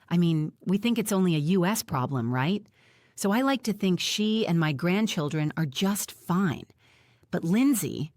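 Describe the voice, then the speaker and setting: A woman voicing a gentle, chatty older grandmother in a wheelchair, read in an audiobook. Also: lowish voice, no echo, clean studio sound, close to an everyday voice.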